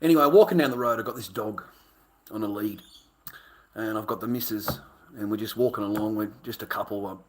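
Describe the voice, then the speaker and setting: A middle-aged Australian man telling a rambling, profane story in casual talk, brash and quick to laugh. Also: on the low side, a little hiss or hum. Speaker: vlogger.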